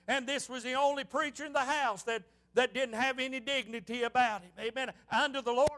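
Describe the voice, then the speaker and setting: A man's voice: very high voice, a bit bright. A man pastor preaching a fervent sermon in church, punctuating his points with frequent amens.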